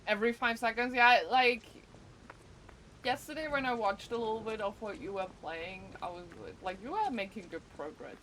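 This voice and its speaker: A woman in casual game-stream talk, chatty and musing with a fairly high voice. She thinks aloud in loose fragments, with faint room noise behind. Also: normal speed, a bit bright. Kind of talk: casual live-stream gameplay commentary.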